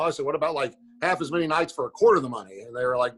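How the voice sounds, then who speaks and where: A man's voice: mid-range voice, racing, a bit bright, husky, rough recording. A man, a former fighter, telling a story in plain words in casual podcast chat.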